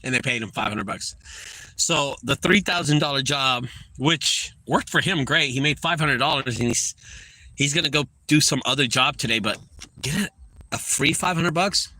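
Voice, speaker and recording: A man's voice: medium pitch, moderate pace, sharp tone, no room sound. A middle-aged man, a junk removal business owner, telling a story in a profane, heated vlog rant.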